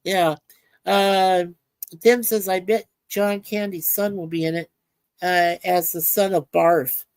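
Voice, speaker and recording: A woman with a slightly low voice co-hosts a livestream in a relaxed, chatty way. She reads out viewer comments, trails into frequent filler words, and sounds close and dry. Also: slow pace, no room sound. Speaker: livestream co-host. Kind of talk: casual chat reading viewer comments aloud.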